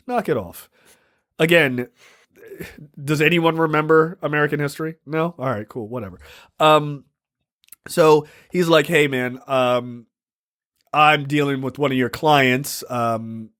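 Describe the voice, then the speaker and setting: A man's voice: fairly high pitch, a little slow, fairly bright tone. A man co-hosting a podcast, talking in a casual, sarcastic and profane way while retelling film scenes. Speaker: podcast co-host. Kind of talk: casual film-review chat.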